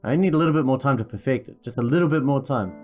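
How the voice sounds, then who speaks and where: A man voicing a calm, determined male scientist in a visual novel, explaining in a measured way. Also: mid-range voice, soft background music, close to an everyday voice. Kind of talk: reading a visual novel aloud.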